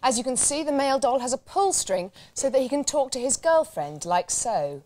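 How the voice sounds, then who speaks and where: A woman co-presents a comedy show with wry, teasing links. Her voice is high and moves around a great deal. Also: big pitch swings, normal speed, a little mellow, a little hiss or hum.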